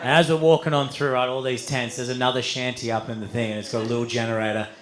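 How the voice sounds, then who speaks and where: A man telling a long story on stage as a stand-up comedian, swearing freely and getting animated. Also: mid-range voice, quick pace, a crowd in the background. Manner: animated, swearing, building to shouts.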